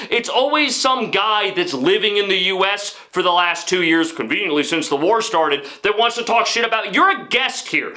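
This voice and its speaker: A middle-aged man from the United States hosting a comedy podcast, ranting in mock outrage and then dropping into muttered asides. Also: high voice. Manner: mock-indignant ranting, swinging between loud outbursts and muttered asides.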